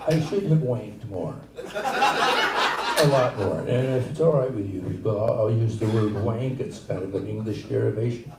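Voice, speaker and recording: Older man rambling on a comedy stage. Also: on the low side. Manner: halting, rambling delivery with many restarts. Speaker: stand-up comedian. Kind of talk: stand-up set. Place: comedy theater stage, live audience. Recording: echoey room, far from mic, noisy.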